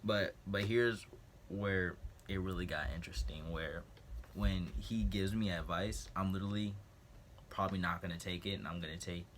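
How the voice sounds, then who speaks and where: Young male vlogger, low voice, lively storyteller, faint hiss behind. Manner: animated storytelling, acting out quotes. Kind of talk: casual storytime vlog.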